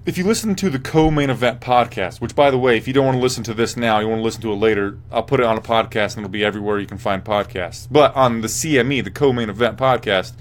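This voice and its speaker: A man's voice: mid-range voice, fast, few pauses. A young man hosts a casual fight recap in a rambling, profane way. He swears freely and keeps answering viewer chat as he goes. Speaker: host. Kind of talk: casual MMA post-fight commentary.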